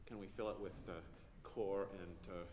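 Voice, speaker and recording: A man's voice: low voice, steady tone, normal speed, a little mellow. A man coaching a choir in rehearsal, giving precise, encouraging diction corrections. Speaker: choir conductor. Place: large rehearsal hall with choir. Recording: reverberant rehearsal hall with faint noise.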